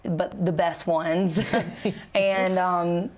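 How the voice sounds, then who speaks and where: A woman singer being interviewed, talking in a relaxed, chatty way with easy laughs and plenty of fillers. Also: on the low side, extremely slow. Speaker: country singer and guest. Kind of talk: casual interview chat.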